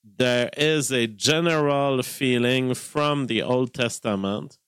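A man's voice: on the low side, fairly bright tone, clear, resonant tone, no room sound, studio quality. A man commentating casually on a live stream, reacting to clips in a rambling, heated way and repeating his points.

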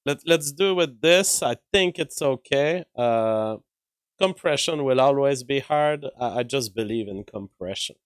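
A man's voice: mid-range voice, animated, measured pace, clear, resonant tone, no room sound, rough recording. Dry-voiced male stream commentator. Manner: analytical, thinks aloud with fillers and restarts. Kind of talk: live-stream commentary on an interview clip. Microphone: own mic with a compressor.

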